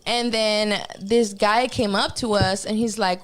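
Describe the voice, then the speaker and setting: A woman's voice: medium pitch, steady tone, measured pace. A woman rapper, a guest on a podcast, chatting casually, swearing often and breaking in with exclamations. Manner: loose and profane, exclaims often. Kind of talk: casual interview chat.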